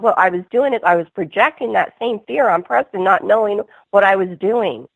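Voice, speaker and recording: A woman's voice: mid-range voice, normal speed, gravelly, dry recording. A woman guest on a call-in radio interview, telling her story earnestly in a rambling way, full of restarts. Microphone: phone. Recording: tinny phone line.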